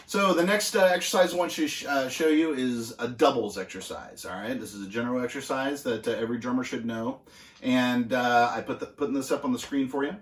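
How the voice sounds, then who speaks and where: A man teaching basic drum exercises in a casual, halting way, with plenty of filler words. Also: medium pitch, roomy sound. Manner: relaxed, halting with many fillers. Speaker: drum instructor. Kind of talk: casual instructional demonstration. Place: music school practice room.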